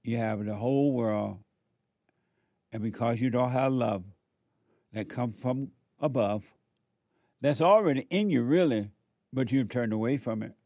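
A man's voice: medium pitch, steady tone, measured pace, long pauses, warm tone, dry recording. A man preaching a sermon, exhorting and repeating his points while speaking straight to the listeners. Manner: repetitive, exhorting, addresses listeners directly.

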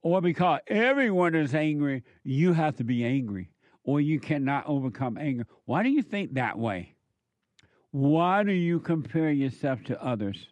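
A man's voice: fairly high pitch, darkish tone, dry recording. A male counselor delivering a preachy monologue, firing off emphatic rhetorical questions in a scolding tone.

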